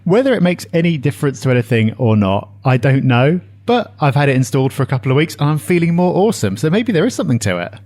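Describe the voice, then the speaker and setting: A man's voice: a little high, very animated, fast talker, hardly any pauses, darkish tone. A man co-hosting a property podcast, chatting casually and enthusiastically with frequent fillers. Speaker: podcast co-host. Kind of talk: casual chat.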